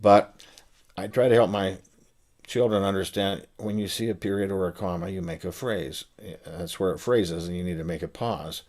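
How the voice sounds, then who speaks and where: An older man explaining musical phrasing in a relaxed spoken lesson, pausing with fillers as he thinks aloud. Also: low voice. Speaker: saxophone teacher and author. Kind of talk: casual spoken lesson to camera.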